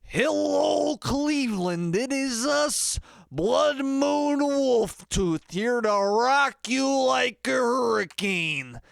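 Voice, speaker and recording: A man's voice: very high-pitched, animated, extremely slow, creaky, no echo, studio quality, voice pushed up, exaggerated voice. A man putting on the voice of a brash, boastful male rock star, drawn out and bellowed. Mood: bellowing.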